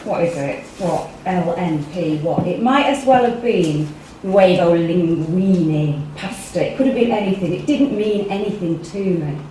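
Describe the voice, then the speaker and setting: A woman's voice: fairly low pitch, expressive, moderate pace, few pauses, warm tone, a little hiss or hum. A woman with an English accent giving a chatty workshop talk, often putting questions to the audience. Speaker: workshop speaker. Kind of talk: interactive talk to a small group. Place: meeting room with a live audience. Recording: echoey room, mic far off.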